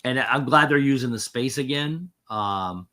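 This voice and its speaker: A man talking in a relaxed podcast chat, at an ordinary middle pitch. He rambles, circles back and fills gaps with "um" and false starts. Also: unhurried. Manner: rambling, frequent fillers and restarts. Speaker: podcast co-host. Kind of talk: casual chat.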